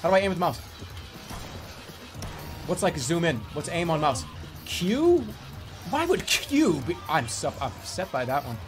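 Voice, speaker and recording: A man streaming a video game, commenting as he plays and swearing often, dropping from low muttering to angry shouts. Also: moderate pace, long pauses, faint music behind. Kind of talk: gaming livestream commentary.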